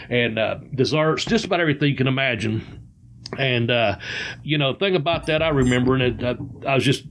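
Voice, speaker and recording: A man, a former pro wrestler, telling stories in a casual, profane, animated way. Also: medium pitch, a little hiss or hum. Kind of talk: casual storytelling chat.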